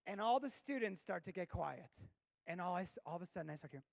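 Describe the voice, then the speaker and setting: Animated high-voiced youth pastor. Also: male voice, quick pace, vocal fry, slight background noise. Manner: animated storyteller, bursts into shouting for effect. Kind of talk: youth sermon with storytelling.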